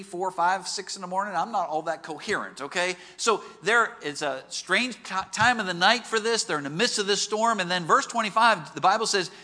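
Male preacher, sermon, animated storyteller, ringing tone with long hall echo. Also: high voice. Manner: animated storytelling with rhetorical questions. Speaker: pastor. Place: large auditorium.

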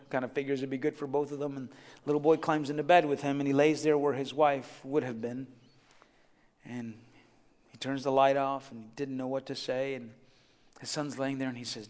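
A man preaching a sermon, moving from a soft, quiet story to emphatic preaching. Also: mid-range voice, steady tone, brisk, long reverb tail.

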